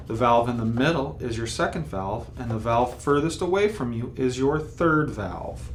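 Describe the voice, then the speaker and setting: A man's voice: mid-range voice, a little hiss or hum. A man teaching a beginner trumpet lesson, explaining patiently step by step and sounding out rhythms as he goes. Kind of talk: instructional video lesson.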